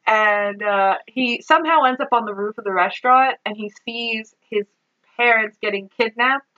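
A woman co-hosting a podcast, recapping a movie in animated casual chat, laughing often and saying "like" a lot. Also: on the high side, moderate pace, muffled recording. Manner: animated, laughing, heavy use of "like". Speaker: podcast co-host.

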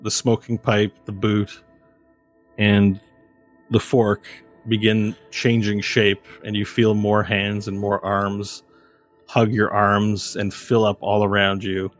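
A man's voice: lowish voice, little pitch movement, slow pace, dry recording, soft background music. A man running a tabletop game as game master, describing scenes in a meandering way with many fillers.

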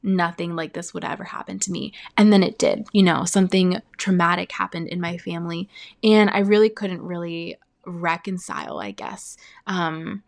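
Gravelly young woman giving earnest testimony. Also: lowish voice, fairly even intonation. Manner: earnest, halting, filled with "um" and "like". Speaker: speaker sharing a faith testimony. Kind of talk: personal testimony.

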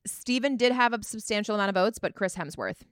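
A woman co-hosting a podcast in casual chat, chatty and enthusiastic with quick asides. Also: medium pitch, animated, clean tone, dry recording, clean studio sound. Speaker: podcast co-host.

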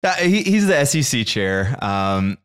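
A man's voice: mid-range voice, very animated, a little slow, a bit bright, clear, resonant tone. A man co-hosting a casual podcast as the crypto expert, ranting with many stammered restarts.

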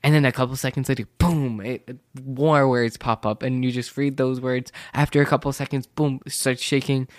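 A teenage male student telling a rambling, casual story, full of "like" and "literally," and growing animated when he feels wronged. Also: mid-range voice, a little fast, few pauses, no room sound, studio quality.

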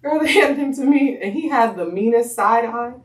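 A woman telling her birth story in casual chat, an animated storyteller who acts out quotes and laughs often. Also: on the high side, moderate pace. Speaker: podcast guest. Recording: echoey room, mic at a distance.

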